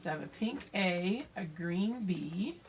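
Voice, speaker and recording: Older woman as a preschool teacher, unhurried and patient, lowish voice, light background hiss. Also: lively intonation. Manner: slow, patient, sounding out letters. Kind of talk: remote phonics lesson for young children.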